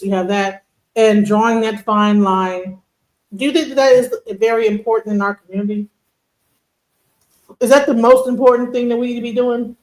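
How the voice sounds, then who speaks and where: Woman hosting a livestream in an echoey room. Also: medium pitch. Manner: conversational, with many fillers. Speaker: livestream panel host.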